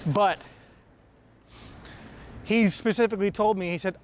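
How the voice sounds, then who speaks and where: An American travel vlogger talks casually to the camera outdoors at a moderate pace, his voice on the high side. He rambles, corrects himself, laughs lightly and sounds a little out of breath. A faint hiss or hum runs under the audio.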